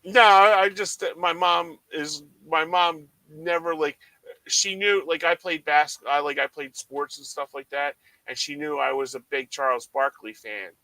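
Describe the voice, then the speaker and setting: A South Jersey man, co-hosting a watch party, tells a long story in casual chat and animatedly acts out his mother's lines. His voice is on the high side and measured in pace, captured in a rough recording without echo.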